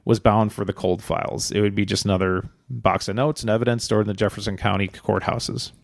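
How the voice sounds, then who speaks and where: A man co-hosting a podcast, telling a true-crime story in a relaxed, rambling way with many fillers and joking asides. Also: lowish voice, fairly quick, gravelly, dry recording, studio quality. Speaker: podcast co-host.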